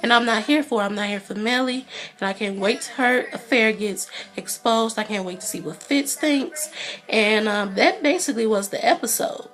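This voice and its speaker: A woman's voice: a little high, normal speed, fairly bright tone. A congested woman giving a chatty TV episode review, leaning on "you know" fillers. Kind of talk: casual vlog recap.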